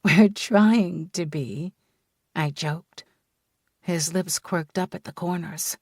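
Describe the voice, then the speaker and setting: A woman reads a first-person romance audiobook at a slow, unhurried pace. Her voice sits a little low, and the studio sound is dry and close. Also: dry recording. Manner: measured, unhurried storytelling. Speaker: audiobook narrator.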